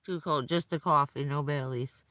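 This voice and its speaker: A woman's voice: low-pitched, fairly even intonation, normal speed, fairly bright tone, dry recording. A middle-aged woman chatting on a casual live stream, rambling and laughing often. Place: vehicle at night in the cold.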